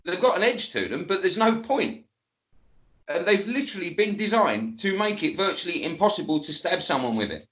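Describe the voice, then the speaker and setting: A man spins an animated tale. He laughs often and swears freely. His voice sits a bit high and rings in a roomy space. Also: moderate pace. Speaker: guest. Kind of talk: casual storytelling.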